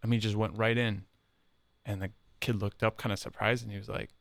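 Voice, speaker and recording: A man's voice: lowish voice, little pitch movement, fast talker, dry recording. A man, a religious brother who works in youth ministry, telling stories earnestly and repeating phrases for emphasis. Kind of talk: casual podcast conversation.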